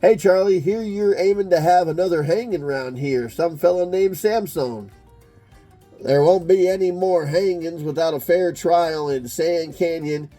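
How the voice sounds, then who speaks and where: Folksy comic-book cowboy with a Southern US drawl, mellow tone, read by a man. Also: fairly high pitch, a little slow, soft background music, pitched above the performer's own voice. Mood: earnest. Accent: put-on Southern US. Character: drawling Old West cowboy hero, man.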